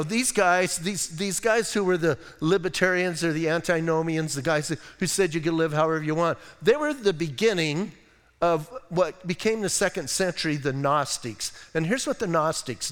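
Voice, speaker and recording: A pastor preaching a conversational sermon, often saying "listen" and dropping in joking asides. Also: male voice, fairly high pitch, a bit bright, clear, resonant tone, long reverb tail. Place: church sanctuary.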